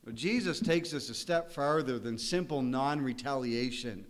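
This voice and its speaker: A man's voice: medium pitch, moderate pace. Earnest man preaching a sermon. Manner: earnest, conversational preaching with laughs and rising emphasis. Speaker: pastor.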